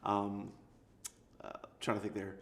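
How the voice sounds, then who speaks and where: A man's voice: lowish voice, completely flat delivery, measured pace, vocal fry. A man interviewing a guest at a convention, enthusiastic and often hesitating with fillers. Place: convention hall, live stream.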